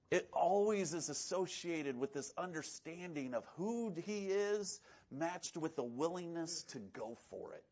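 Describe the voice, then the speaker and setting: A man preaching a sermon as pastor, animated, acting out quoted voices and swinging between loud and hushed delivery. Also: on the high side, normal speed, hardly any pauses. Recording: dull lo-fi sound.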